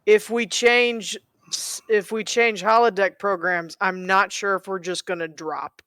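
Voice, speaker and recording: A man's voice: high-pitched, steady tone, measured pace, pushed and bright, clear, resonant tone, no room sound. A man playing a tabletop game, describing what his character does. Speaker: player. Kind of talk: casual tabletop play.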